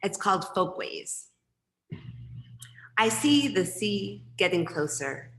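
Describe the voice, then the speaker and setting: A woman's voice: medium pitch, very animated, slow, a bit bright, echoey room. A woman poet reading her poems, with chatty, rambling asides between them. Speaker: poet and professor. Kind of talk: poetry reading with casual asides.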